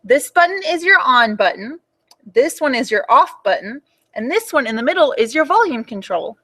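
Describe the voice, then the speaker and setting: Gentle, patient schoolteacher, read by a woman. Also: high-pitched, moderate pace, exaggerated voice. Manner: calm, gentle, coaxing.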